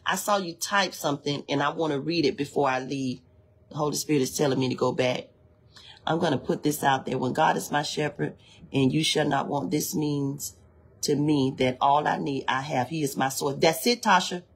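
A woman's voice: low-pitched, normal speed, breathy edge. A woman leading an informal devotional livestream. She preaches fervently, repeats phrases for emphasis and urges listeners to say lines back to her. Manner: reads from a text between spontaneous exhortations. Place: indoors near a hallway.

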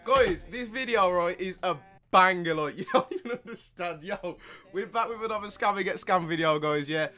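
A man's voice: high voice, normal speed, bright, forceful tone. A young man hosting a gaming channel, giving a rambling, slangy, hyped intro. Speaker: YouTube gaming host. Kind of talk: casual video intro.

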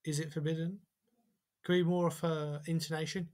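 A man giving a whiteboard language lesson. He sounds out example phrases slowly and carefully. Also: a little high, flat delivery, a little mellow. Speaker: language teacher.

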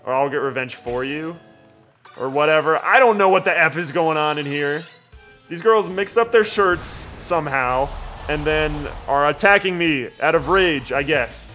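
A man's voice: fairly high pitch, moderate pace, bright, forceful tone, soft background music. A man giving casual, rambling and jokey gameplay commentary as a let's play host.

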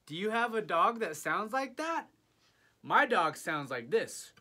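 A man's voice: high voice, sing-song, a little slow, heavy background noise. A man teaching an early childhood music lesson, playfully inviting young children to join in with animal sounds and singing.

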